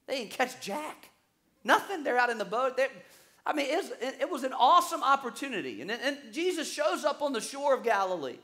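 A male pastor preaching a sermon, telling stories with lively acted-out quotes and quick repetitions. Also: extremely high pitch. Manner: animated storytelling, acts out quoted voices; repeats words when excited.

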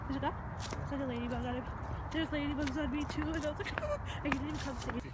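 A giggly, chatty vlogger in her twenties talks casually to the camera while out and about, in a car and then a park. Her high voice holds a steady tone at a very fast clip, and the very noisy recording has music playing behind.

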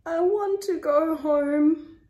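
A greedy little storybook house cat wails in high meows and drawn-out moans, as a woman puts her on. The voice swoops far up and down. It is recorded in a roomy, echoing space. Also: huge pitch swings, dark tone, exaggerated voice. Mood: miserable. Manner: high wailing meows, moaning.

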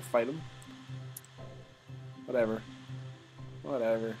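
A man's voice: fairly high pitch, steady tone, normal speed, pauses often, a bit bright, soft background music, poor audio. Casual gamer man reading game text. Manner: casual, joking, swears at times. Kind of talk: let's play commentary, reading game text aloud.

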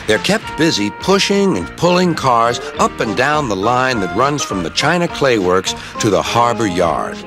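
A man narrating a children's storybook with a lively, expressive reading. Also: medium pitch, a little slow, hardly any pauses. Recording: music playing behind.

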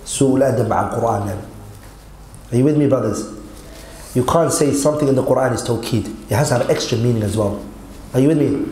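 A man's voice: medium pitch, very fast, pauses often, mellow, roomy sound, slight background noise, rough recording. A man teaching Arabic grammar in an online lesson, quizzing his students and mixing Arabic quotes with English.

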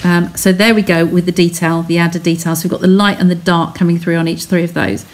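A woman's voice: fairly low pitch, flat delivery, a little fast. A woman chatting as she talks viewers through a craft technique step by step on a live stream from her home studio. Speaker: craft demonstrator.

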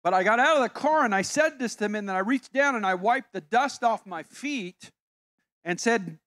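Brief: pastor in his sixties, high voice, dry close sound, emphatic sermon storytelling. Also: expressive, normal speed, a bit bright, dry recording. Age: 60s. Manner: conversational, emphatic, self-interrupting.

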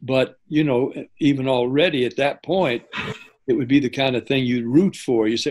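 An older man, a guest in an interview, telling lively anecdotes and often stopping to correct himself. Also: medium pitch, normal speed, rough recording. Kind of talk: interview storytelling.

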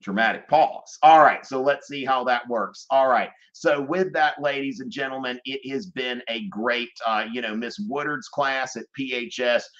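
A man teaching on a live review stream, chatting casually with lots of fillers and shout-outs to classes. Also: medium pitch, measured pace, few pauses, lo-fi sound. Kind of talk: casual livestream chat.

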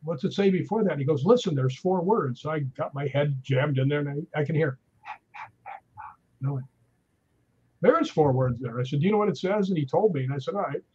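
A man's voice: on the high side, fairly quick, long pauses, slightly rough, lo-fi sound. A man telling ghost-hunting stories in casual chat, acting out what people said. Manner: animated anecdotes with acted-out quotes. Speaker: guest.

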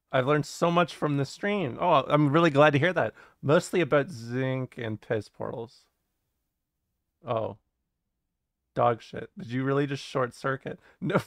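A man's voice: mid-range voice, fairly bright tone, no echo, clean studio sound. A young adult man streaming casually, reading his chat aloud and answering it in a rambling, jokey way, often swearing and laughing.

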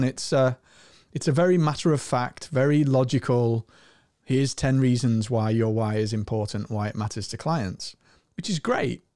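A man with a Scottish accent hosting an energetic screen-share tutorial, talking with enthusiasm. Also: dry recording, studio quality. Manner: energetic and enthusiastic, often rising in pitch. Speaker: host.

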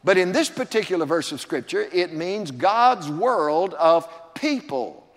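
Older guy preaching, kinda high voice, stretches his words, big echoey church sound. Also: animated. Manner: preaching with rising emphasis, drawn-out words. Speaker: pastor. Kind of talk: sermon. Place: church sanctuary. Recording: long church reverb.

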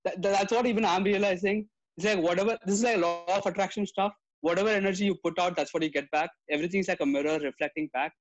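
A man with a notably high voice, hosting a casual interview. He reflects aloud, turns things over in his mind and laughs easily with his guest. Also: steady tone, fast talker, hardly any pauses, soft background music, rough recording.

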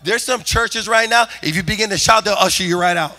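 A man preaching a sermon as pastor, shouting and building intensity in a church. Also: sits high, brisk. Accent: Californian. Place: church sanctuary.

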